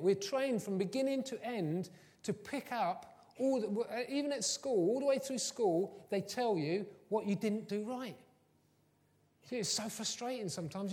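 Pastor preaching in a reverberant hall. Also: male voice. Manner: warm storytelling, swings from soft and low to loud and emphatic. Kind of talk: sermon.

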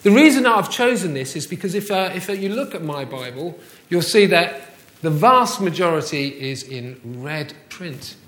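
A man with a fairly high voice delivers a sermon from the front of a church. He keeps it conversational, tossing rhetorical questions at the congregation. The sound is roomy, with the reverberation of the church hall around his voice. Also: expressive, moderate pace, fairly bright tone. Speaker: pastor.

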